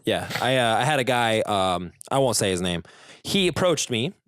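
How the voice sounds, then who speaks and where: A man's voice: on the low side, sing-song, moderate pace, fairly bright tone, smooth, no echo, clean studio sound. A man speaking as a guest on a casual podcast, telling stories and mimicking the people he quotes. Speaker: guest, jiu-jitsu competitor.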